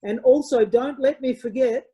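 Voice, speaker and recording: A woman's voice: high voice, normal speed, dark tone, breathy edge, muffled recording. An Australian woman co-hosting a wine show in casual, rambling chat, often correcting herself. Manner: chatty, rambling, self-correcting.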